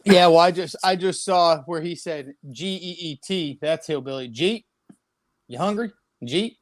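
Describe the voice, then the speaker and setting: Wry musician guest with a dry close sound. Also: male voice, on the high side, measured pace, no echo. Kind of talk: casual chat.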